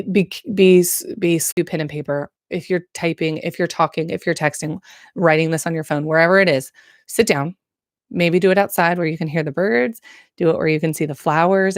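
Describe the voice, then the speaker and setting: A woman birth nurse gives casual, to-camera advice in a slightly low voice. She talks frankly, with slang and encouragement. The sound is dry and close, with no room echo. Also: a little mellow.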